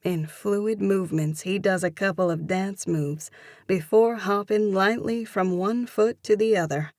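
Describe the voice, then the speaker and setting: A woman narrating a first-person romance audiobook, in a measured, expressive manner. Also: medium pitch, no echo, clean studio sound.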